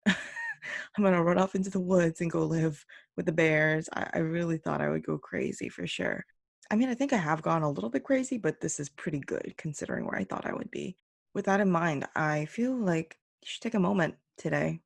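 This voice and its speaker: Chatty gravelly woman podcast host. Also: dry recording, studio quality. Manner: chatty, self-mocking, acts out quotes in higher voices. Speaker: podcast host and English teacher. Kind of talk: casual solo podcast chat. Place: home room.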